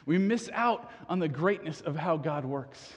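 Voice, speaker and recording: A man in his thirties delivers a sermon in an earnest, questioning way, often restarting his sentences. His voice sits high and sounds a little husky. The sound trails off in the long reverb of a large hall. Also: expressive, measured pace. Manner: earnest, asks the congregation questions, frequent restarts. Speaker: pastor.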